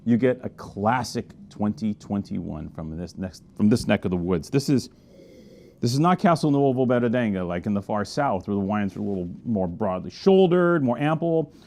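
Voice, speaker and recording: A man's voice: fairly low pitch, expressive, normal speed, dark tone. Chatty enthusiastic man reviewing wine. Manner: enthusiastic, chatty, with tasting murmurs. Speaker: wine merchant host. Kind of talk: casual wine tasting review.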